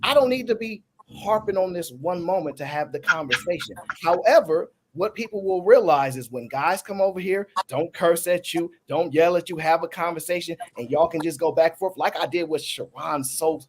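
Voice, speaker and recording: Man, high voice, podcast host, animated, argumentative, casual debate. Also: moderate pace, hardly any pauses.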